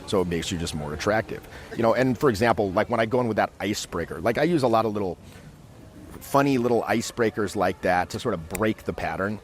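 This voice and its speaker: A man teaching social skills in a casual, animated way, acting out quick scenes as he explains. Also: lowish voice, a little hiss or hum. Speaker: dating coach. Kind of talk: casual instructional talk. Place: outdoors in a city.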